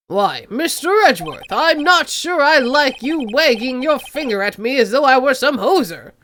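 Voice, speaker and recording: A woman's voice: high voice, lively intonation, normal speed, a bit bright, no echo. A fussy, huffy older male judge with a Canadian accent, played by a woman. He scolds in a stern game-courtroom manner.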